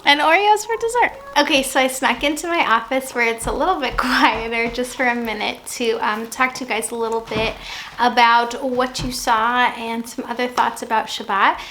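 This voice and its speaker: A young mother in her thirties chats through a casual home vlog, upbeat and quick to laugh. Her voice sits a bit above the usual range for a woman, and she leans on easy fillers as she talks. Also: on the high side, fairly bright tone, a little hiss or hum, poor audio. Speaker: vlogger and mother. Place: home, at a family dinner table and then in a quiet office.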